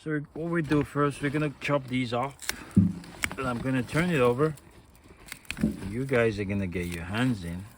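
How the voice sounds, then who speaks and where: A man vlogging outdoors in his garden, patiently encouraging children through a task with a steady, instructive manner. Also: medium pitch, moderate pace, background noise. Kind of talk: casual instructional vlog.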